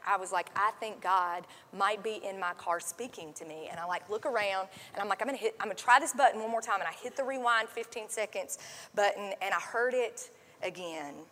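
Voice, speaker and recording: A woman pastor giving a sermon in a conversational, chatty way, full of fillers, sometimes dropping to a soft hush. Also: mid-range voice. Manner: conversational, many fillers like "like" and "um", drops to a soft hush when quoting. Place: church sanctuary. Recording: long hall reverb.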